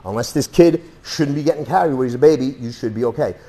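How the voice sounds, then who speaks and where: Blunt, profane male self-defense instructor with a mid-pitched voice, demonstrating moves to a class. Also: fast talker, mellow. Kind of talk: hands-on demonstration lesson.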